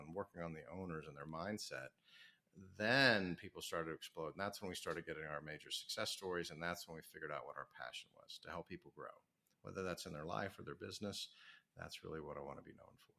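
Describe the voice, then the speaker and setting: A middle-aged man, an author and business coach, talking energetically and telling stories as a podcast guest. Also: low voice. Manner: energetic, storytelling, self-promoting. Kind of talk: podcast interview.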